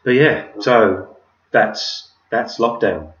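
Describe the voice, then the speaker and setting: A man's voice: lowish voice, drawn-out words, a bit bright. A man hosting a casual podcast chat, telling stories with laughs and swearing. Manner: laughing, swearing, chatty storyteller. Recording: roomy, distant, dull sound.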